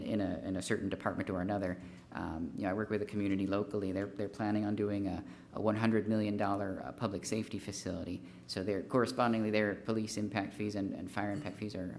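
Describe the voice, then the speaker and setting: Male consultant, lower voice, walks a council through numbers at a measured pace, filler-heavy delivery, light background noise. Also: a little mellow. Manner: methodical, figure-heavy, frequent fillers and restarts. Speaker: consultant presenting a fee study. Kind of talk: formal presentation at a city council meeting.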